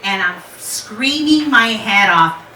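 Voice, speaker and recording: A woman in her forties telling a personal story to a live audience, candid and animated, laughing and swearing freely. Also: medium pitch, slow, roomy sound, distant mic, background noise. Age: 40s.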